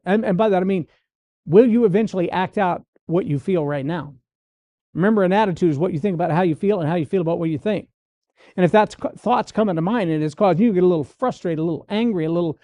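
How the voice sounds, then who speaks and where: A man's voice: high voice, brisk, mellow, dry recording. A man hosting a show, giving a folksy motivational talk and acting out the voices he quotes. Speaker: motivational speaker and podcast host.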